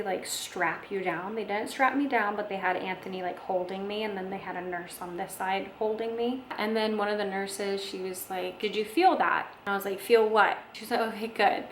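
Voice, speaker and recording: A woman's voice: mid-range voice, echoey room, a little hiss or hum, poor audio. A young woman casually telling a personal story, chatty, with lots of fillers and acted-out quotes. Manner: chatty, many fillers, acts out quoted voices. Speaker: vlogger telling her birth story.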